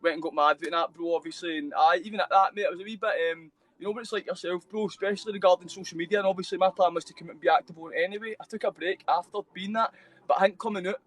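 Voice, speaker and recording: A man's voice: high-pitched, very fast, fairly bright tone, no room sound. A Scottish man telling his story as a guest on a live show, rambling and swearing, with constant fillers. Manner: rambling, heavy swearing, constant "mate" and "know what I mean".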